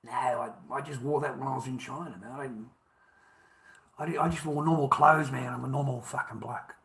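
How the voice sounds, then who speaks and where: A man's voice: mid-range voice, fairly even intonation, a little fast, creaky, fairly bright tone. A man with an Australian accent, telling a personal story in a profane, emphatic rant that repeats points for emphasis.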